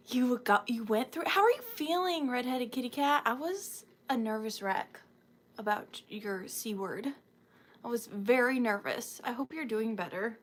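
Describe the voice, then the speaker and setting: A woman's voice: fairly high pitch, lively intonation, normal speed. A sleepy woman with a Southern US accent hosting a live sale stream, chatting casually and greeting viewers by name, sometimes dropping to a whisper.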